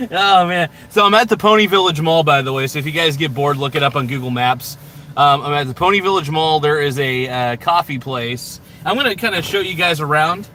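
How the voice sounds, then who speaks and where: Guy rambling crude jokes n swearing while driving, bright kinda high voice, camera stuck in the car. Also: fairly quick, a little hiss or hum. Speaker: vlogger. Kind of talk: casual live-stream vlog while driving. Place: inside a car. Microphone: camera mounted in the car.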